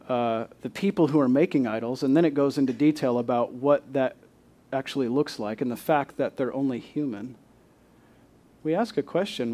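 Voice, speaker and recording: A man's voice: medium pitch, darkish tone. A male pastor preaching a sermon, building to emphatic rhetorical questions and reading scripture aloud.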